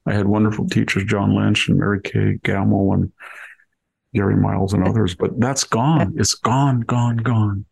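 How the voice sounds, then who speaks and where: An older man recounts his student days in a relaxed, chatty way, often laughing at his own stories. His voice sits low and carries a gravelly edge. There is a husky grain to it that never quite clears. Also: moderate pace. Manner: wry, reminiscing, laughs while telling stories. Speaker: podcast host. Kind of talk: conversational storytelling.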